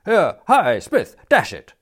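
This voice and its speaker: A man voicing an indignant, flustered young clubman who talks loudly in exasperated bursts. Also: medium pitch, big pitch swings, normal speed, pitched above the performer's own voice. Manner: loud, exasperated spluttering.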